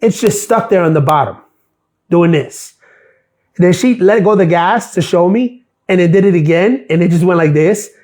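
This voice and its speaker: A man's voice: sits high, expressive, moderate pace, a little mellow. A middle-aged man hosting a live stream, ranting bluntly and sarcastically about his workplace and swearing freely. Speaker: live stream host, former mail carrier.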